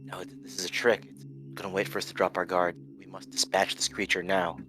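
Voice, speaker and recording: A man voicing a paranoid male elf noble who speaks in low, clipped commands. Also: little pitch movement, a little fast, close to an everyday voice. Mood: suspicious.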